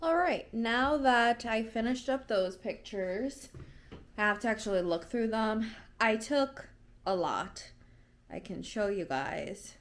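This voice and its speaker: A woman's voice: on the high side, expressive, takes it slowly. A woman in her late twenties, chatting casually in a home vlog, rambling and often correcting herself mid-sentence. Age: 20s. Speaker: vlogger.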